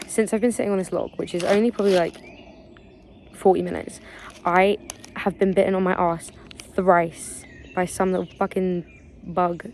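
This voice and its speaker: A woman's voice: lowish voice, vocal fry, slight background noise. A young woman, chatting casually and rambling in a vlog while sitting outdoors in woodland. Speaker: vlogger.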